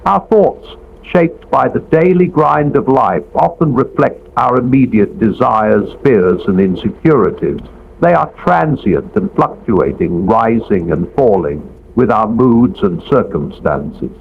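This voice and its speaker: A man giving a scripted devotional narration in a measured, reflective way. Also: mid-range voice, expressive, gravelly. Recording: dull lo-fi audio with faint background noise.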